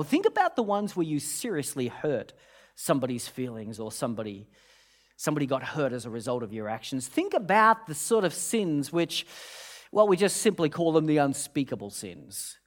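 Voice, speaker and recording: Guy preaching, tells a funny story, voice jumps all over, lots of restarts. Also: medium pitch. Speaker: pastor. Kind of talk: sermon.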